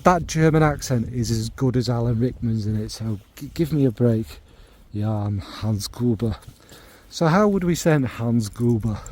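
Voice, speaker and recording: Mellow-voiced man chatting about scents. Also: mid-range voice. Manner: rambling, full of tag questions and fillers. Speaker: fragrance reviewer. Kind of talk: casual chat to camera.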